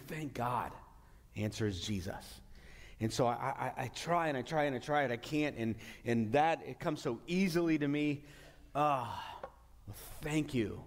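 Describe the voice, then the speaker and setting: A man preaching a sermon as pastor, earnest, often restarting and stretching out key words for emphasis. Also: mid-range voice. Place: church sanctuary. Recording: long hall reverb.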